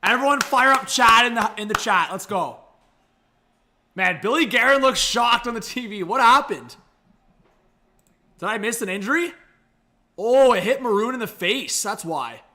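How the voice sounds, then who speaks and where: A young man hosting a live hockey reaction stream, chatty and excitable, thanking viewers and coaxing his dog. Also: very high voice, normal speed, long pauses. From Canada. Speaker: livestream host.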